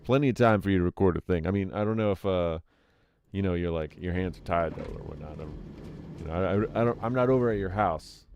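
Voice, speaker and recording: A man's voice: sits low, quick pace, creaky, darkish tone, highs cut off. A young man streaming a let's-play, talking casually and rambling to a friend on a call. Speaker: gaming streamer. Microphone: desk microphone.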